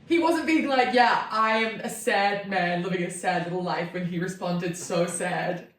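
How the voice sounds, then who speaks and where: A woman's voice: medium pitch, unhurried, recorded from a distance. A woman in her thirties tells a chatty, rambling story to a close friend and fills her talk with "like." She sits back from the mic. The room is very echoey. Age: 30s. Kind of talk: casual chat.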